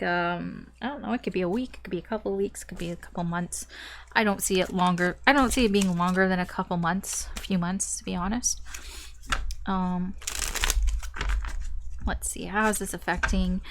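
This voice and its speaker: A woman talks her viewers through a tarot reading in a loose, chatty way. She fills pauses with ums and you-knows and often restarts her sentences. Her voice sits at an ordinary mid pitch. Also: fairly even intonation, background noise. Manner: chatty, frequent fillers and restarts, light laughs. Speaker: tarot reader. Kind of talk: casual spoken tarot reading.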